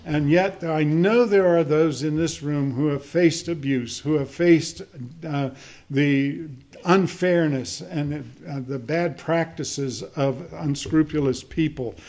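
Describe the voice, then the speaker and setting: Male preacher, pitch a touch high, unhurried sermon delivery with fillers and read-aloud scripture. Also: a little mellow. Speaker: pastor.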